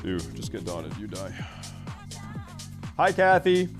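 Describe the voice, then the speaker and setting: Streamer, young man, loud and jokey, rambling, swears freely, faint game music underneath. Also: on the low side, very animated, takes it slowly. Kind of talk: casual live-stream chat while gaming.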